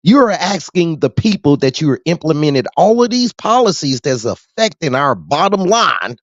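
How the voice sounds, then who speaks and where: A man's voice: fairly high pitch, sing-song, normal speed, dry recording, lo-fi sound. A man hosting a podcast in a loose, profane monologue, laughing often and calling out to his listeners. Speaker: podcast host.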